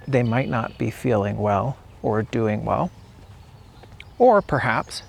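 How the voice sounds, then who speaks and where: Slow-talking man with a gravelly voice. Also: medium pitch. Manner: unhurried, repeats example phrases to demonstrate them. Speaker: English teacher. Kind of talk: casual spoken lesson. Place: outdoors on a walk.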